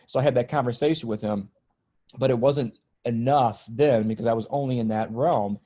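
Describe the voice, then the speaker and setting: A man's voice: medium pitch, brisk, warm tone. A middle-aged man, a spiritual teacher and healer, telling a personal story as a guest on a podcast interview, earnest and emotional, easing tension with jokes.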